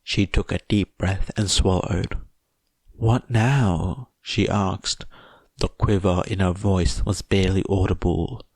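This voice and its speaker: Man, podfic narrator, measured reading, slow pace, low voice. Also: little pitch movement, darkish tone, dry recording. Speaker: podfic reader. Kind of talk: scripted fan-fiction narration.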